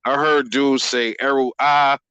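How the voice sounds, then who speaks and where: A man's voice: mid-range voice, steady tone, bright, forceful tone, clear, resonant tone, dry recording. A man hosting a boxing channel livestream, reading viewer comments in a profane, rambling way and calling everyone bro. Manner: profane, rambling, quick to laugh.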